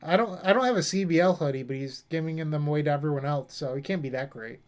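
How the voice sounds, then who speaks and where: A man's voice: fairly high pitch, fast talker. A young man streaming a card game, thinking through plays aloud and chatting casually with viewers. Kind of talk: casual gameplay commentary.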